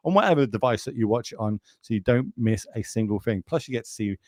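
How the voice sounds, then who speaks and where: A man's voice: mid-range voice, expressive, fast, a little mellow, no echo, studio quality. A man with a British accent doing chatty, jokey live commentary on a card game and speaking straight to viewers.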